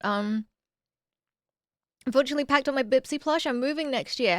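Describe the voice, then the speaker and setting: A fairly high-voiced woman chats casually on a stream, reading out viewer messages and replying to each. She breaks into excited exclamations now and then. Her voice sits close and dry on a desk mic. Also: moderate pace, no room sound. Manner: chatty, reads viewer messages aloud and answers them.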